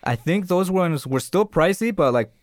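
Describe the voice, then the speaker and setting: Hesitant male co-host, mid-pitched. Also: expressive, moderate pace, no room sound, studio quality. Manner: hesitant, searching for words. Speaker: podcast co-host. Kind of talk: casual chat.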